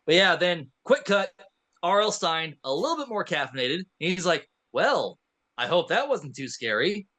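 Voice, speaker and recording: A man co-hosting a podcast in a studio, retelling a film with lively acted-out lines. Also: sits high, normal speed. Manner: animated storytelling, acts out characters' lines. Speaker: podcast co-host. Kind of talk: casual movie recap chat.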